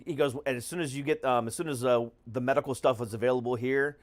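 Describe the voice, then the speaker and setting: A man's voice: mid-range voice, steady tone, quick pace. A man hosting a podcast in casual chat, talking candidly and crudely with jokes. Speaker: podcast host.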